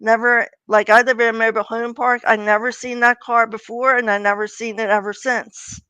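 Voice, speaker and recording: A woman's voice: on the high side, level tone, fairly quick, pushed and bright, smooth, dry recording, rough recording. An older woman from Pennsylvania, a guest author telling personal stories in a casual interview and acting out the voices of people she quotes. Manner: chatty, acts out quoted voices.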